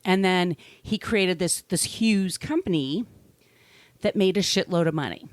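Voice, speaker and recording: Woman, middle-aged, lowish voice, dry close mic, casual profane storytelling, restarts mid-sentence. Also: measured pace, no room sound. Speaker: podcast co-host telling the story.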